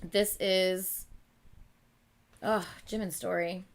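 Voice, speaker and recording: Woman host, lowish voice, casual chatty reading and reacting at home. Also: extremely slow. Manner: animated, chatty, thinking aloud with many okays. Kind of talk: casual live reading chat. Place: at home at night.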